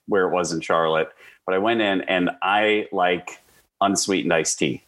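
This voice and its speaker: A man from the American Midwest, a guest in an interview, telling stories in a casual, animated way with lots of fillers. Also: sits low, normal speed. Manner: animated, lively storyteller with frequent fillers. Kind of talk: casual conversational storytelling.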